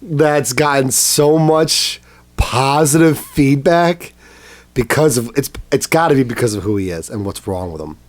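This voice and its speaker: Podcast guest, male, mid-range voice, animated storyteller who acts out quotes. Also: mid-range voice, measured pace. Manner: animated retelling, acting out quotes. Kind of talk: casual chat.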